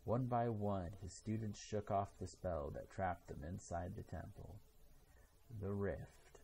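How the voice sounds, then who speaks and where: A man reading a children's storybook aloud in a slow, even way. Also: low-pitched, creaky, a little hiss or hum. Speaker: storybook reader.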